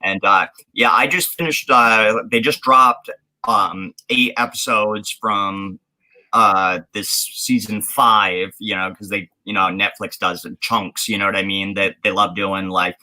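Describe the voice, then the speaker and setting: A man's voice: lowish voice, fairly even intonation, measured pace, bright, forceful tone, low-quality recording. A man from the United States co-hosting a podcast in casual chat, rambling with many restarts and fillers. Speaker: podcast co-host.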